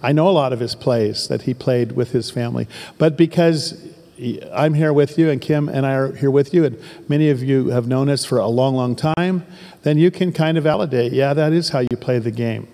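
A man's voice: mid-range voice, moderate pace, warm tone, big-room sound. A man in his sixties from southern Oregon, a pastor giving an emphatic sermon full of repetition and folksy asides.

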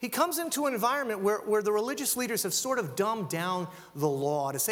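A man preaching a sermon, animated, acting out quoted voices as he talks. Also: sits high, a little fast, long reverb tail. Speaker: pastor.

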